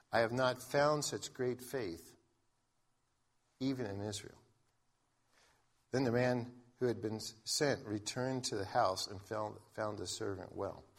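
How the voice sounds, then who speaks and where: Husky-voiced man preaching conversationally. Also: mid-range voice. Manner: conversational preaching with frequent restarts. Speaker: pastor. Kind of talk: sermon.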